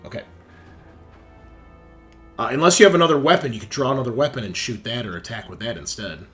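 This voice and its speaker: A man's voice: mid-range voice, very animated, fast talker, fairly bright tone, soft background music. A man running a tabletop role-playing game as game master, explaining rules patiently and narrating the action.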